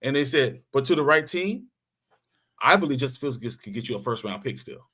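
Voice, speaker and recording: A man's voice: mid-range voice, lively intonation, a little fast, bright, forceful tone, slightly rough. A man hosting a casual sports podcast, relaying betting odds and news reports to his co-hosts. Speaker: podcast host.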